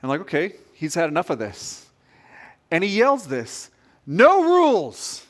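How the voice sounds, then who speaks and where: A man preaching a sermon as pastor, telling a story in an animated, direct way. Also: a little high, normal speed.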